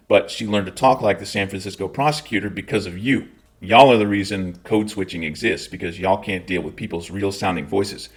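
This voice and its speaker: A low-voiced man from Scotland, a military veteran, hosts a scripted commentary rant. He lectures his audience bluntly and swears freely as he drives his points home. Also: a bit bright.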